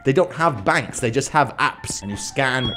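A man giving loud, crude, mock-rude running commentary while playing a game. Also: mid-range voice, lively intonation, moderate pace, music in the background. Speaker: gaming YouTuber. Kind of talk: let's play commentary.

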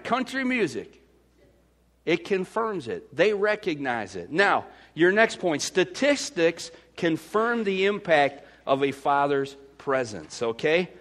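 A Midwestern American man preaching a sermon as pastor, swinging from loud to hushed. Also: high voice.

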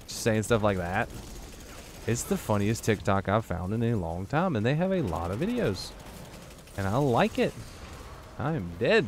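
A man's voice: fairly low pitch, big pitch swings, moderate pace, pauses often, slight background noise. A tired man giving rambling, joking commentary to himself while playing a video game. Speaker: gaming YouTuber. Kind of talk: casual gameplay commentary.

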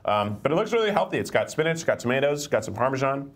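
A man's voice: medium pitch, big pitch swings, quick pace, over a noisy crowd. A man in his thirties hosting a live dinner tasting, chatting playfully and making puns as he describes the food. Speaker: host. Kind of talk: casual chat over a live dinner tasting.

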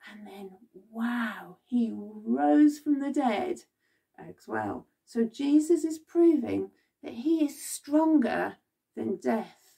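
A woman's voice: on the high side, lively intonation, slow, creaky, mellow, slightly rough, far from the mic. A woman leading a children's Bible club, telling the story expressively and asking the children questions.

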